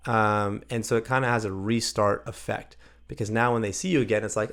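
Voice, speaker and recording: A man training new gymnastics coaches in a loose, chatty way. His voice has a gravelly edge, and he keeps jumping into little acted-out bits of what he'd say to kids. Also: on the low side, fairly quick, hardly any pauses. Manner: animated, acts out quoted lines. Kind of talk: casual training talk.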